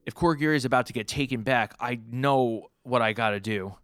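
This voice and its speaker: A man's voice: medium pitch, a little fast, a bit bright, smooth, dry recording, clean studio sound, voice pushed up, natural voice. A man doing a desperate, worn-out lizard-like villain. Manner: strained, desperate muttering. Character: desperate, broken-down young male lizard-like villain.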